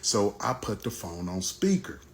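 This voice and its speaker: A man's voice: fairly low pitch, sing-song, measured pace, vocal fry, a little hiss or hum. Man telling his own story casually. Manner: plain-spoken, conversational, repeats points for emphasis. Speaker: vlogger recounting his divorce.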